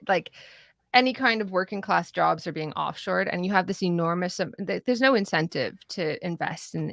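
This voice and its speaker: Woman commentator, bright close voice, animated and laughing, mimics others. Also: fairly low pitch, no echo. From Canada. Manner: animated, laughs often, mimics people she describes. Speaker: political commentator. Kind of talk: casual political discussion.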